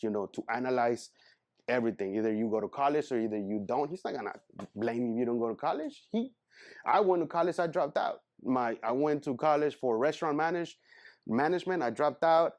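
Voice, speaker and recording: A man's voice: medium pitch, darkish tone. Earnest rambling man in his thirties. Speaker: guest speaker. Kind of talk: casual motivational talk.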